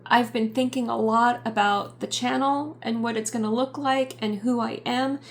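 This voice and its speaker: A middle-aged woman giving a personal vlog update, talking in a halting, reflective way with many pauses and fillers. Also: a little high, steady tone. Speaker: YouTube channel host.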